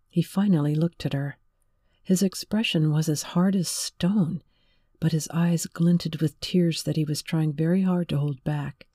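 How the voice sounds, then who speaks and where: A woman reading a romance novel aloud in measured, emotive scripted narration. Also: low-pitched, steady tone, warm tone, dry recording, studio quality. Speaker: audiobook narrator.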